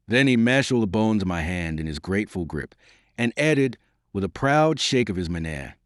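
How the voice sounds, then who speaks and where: A man narrating a historical novel as an audiobook, in a measured, expressive reading on a close mic. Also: lowish voice, no room sound. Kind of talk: storybook narration.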